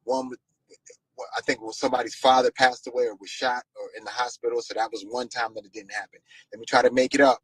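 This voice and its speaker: A man's voice: mid-range voice, animated, quick pace, slightly rough, no room sound, low-quality recording. A man speaking as a guest in a casual interview, explaining at length with many fillers and restarts.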